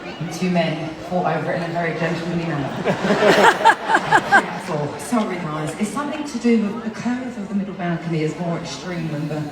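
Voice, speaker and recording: A British singer with a fairly low, sing-song voice banters casually with the crowd at a large live concert venue, joking and laughing at herself at a moderate pace. The audio is echoey, with a distant mic and loud crowd noise.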